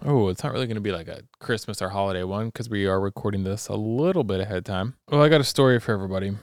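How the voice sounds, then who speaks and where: A man's voice: fairly low pitch, racing, smooth, no room sound, clean studio sound. A young adult man co-hosting a podcast, chatting casually and acting out sounds and quotes as he tells an anecdote. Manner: animated, acts out sounds and quotes. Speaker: podcast co-host. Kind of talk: casual storytelling chat.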